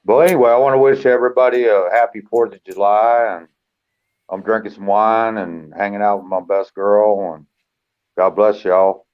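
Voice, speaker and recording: A relaxed, folksy man calls into a casual chat, his voice a bit low. He comes through on a thin, phone-like call line. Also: normal speed, clean tone. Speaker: guest caller.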